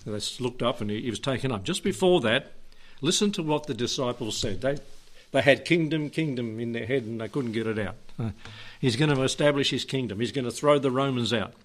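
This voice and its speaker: A man pastor preaching a sermon, chatty and questioning, reading scripture slowly with emphasis and laughing now and then. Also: medium pitch. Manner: conversational preaching, asks the congregation questions, chuckles often.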